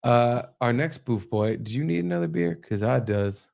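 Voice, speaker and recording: A man's voice: medium pitch, animated, normal speed, vocal fry, a little mellow. Profane joking podcast guy. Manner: profane, joking, reacting to videos. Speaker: podcast co-host. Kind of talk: casual comedic banter.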